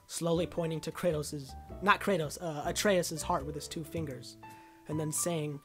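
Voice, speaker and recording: A woman giving casual, excited commentary on a video game trailer, rambling with lots of uh and like fillers. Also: low voice, moderate pace, faint music behind.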